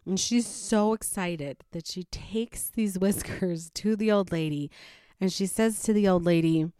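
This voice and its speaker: A woman's voice: on the low side, measured pace, dark tone, smooth, no room sound, studio quality. A woman and adoptive parent chatting through a folktale retelling and her thoughts on it, laughing often. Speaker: adoptive parent sharing a story. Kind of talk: casual retelling and reflection.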